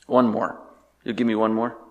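A male pastor preaching a sermon with animated delivery, firing off rhetorical questions and swinging between loud and hushed. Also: fairly low pitch, moderate pace, in a large hall, highs cut off.

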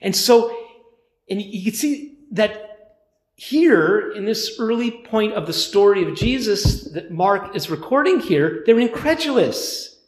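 A man's voice: high-pitched, sing-song, slow pace, roomy sound. A man preaching a sermon as a pastor, talking in a conversational way with frequent restarts. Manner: conversational, with restarts and mimicked voices.

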